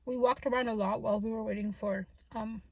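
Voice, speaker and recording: Woman doing a mukbang in her car, bit high voice, mm-hmms between bites, little hiss behind. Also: brisk. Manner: relaxed, chatty, humming while chewing. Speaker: vlogger. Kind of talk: casual eating-show chat. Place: inside a parked car.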